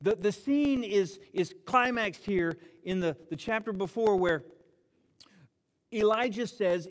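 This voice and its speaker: A man preaching a sermon, telling the story in an animated, joking way and acting out the dialogue. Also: sits high, a little slow. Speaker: pastor. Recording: long hall reverb.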